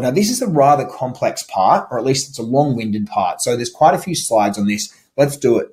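Man, sales trainer, conversational lesson, loose phrasing, mid pitch. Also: lively intonation, moderate pace, hardly any pauses, a little mellow. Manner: conversational, frequent "like" and restarts, demonstrates inflection. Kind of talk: instructional talk over slides.

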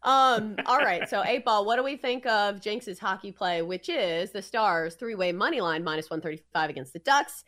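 Female betting show co-host, teasing casual chatter, very lively pitch. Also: normal speed, few pauses. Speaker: sports betting podcast co-host. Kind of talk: casual sports betting chat.

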